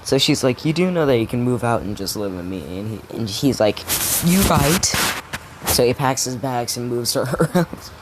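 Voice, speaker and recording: This young man's mid-range voice moves briskly with few pauses as he improvises rambling, profane fan fiction full of restarts. Steady noise sits behind him the whole time.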